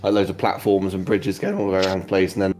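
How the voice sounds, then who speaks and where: A man's voice: deep voice, flat delivery, quick pace, darkish tone, soft background music. A man narrating a tabletop game as game master, casual and rambling with many fillers.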